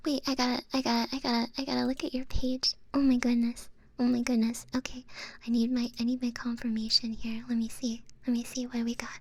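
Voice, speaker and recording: A woman streamer chatting in an ASMR stream, mostly in soft whispers on a binaural microphone, breaking into giddy, excited exclamations. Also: high voice, moderate pace. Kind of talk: whispered ASMR livestream chat.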